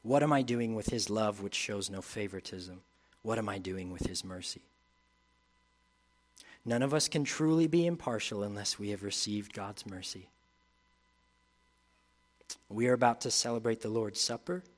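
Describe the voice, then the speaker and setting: Male pastor preaching a sermon. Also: fairly low pitch. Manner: reads scripture aloud, rising in intensity, then drops to quiet reflection.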